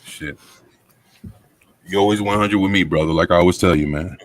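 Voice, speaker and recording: A man's voice: deep voice, moderate pace. A man co-hosting a casual chat, rambling with lots of fillers and profanity. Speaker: co-host.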